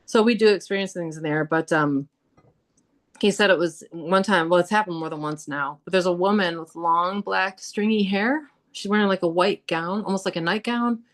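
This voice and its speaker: A woman with a somewhat low voice guests on a podcast, recounting eerie happenings in an animated, conversational way. She fills her telling with casual fillers and acts out the lines people said. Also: normal speed. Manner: animated, with laughs, many "like"s and acted-out quotes. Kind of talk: casual storytelling about hauntings.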